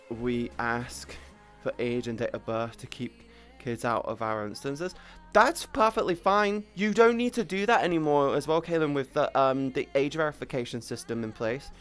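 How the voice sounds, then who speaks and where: A woman livestreamer in casual chat with viewers, rambling and chatty, breaking off to greet people, on a headset mic. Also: extremely low pitch. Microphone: headset boom mic.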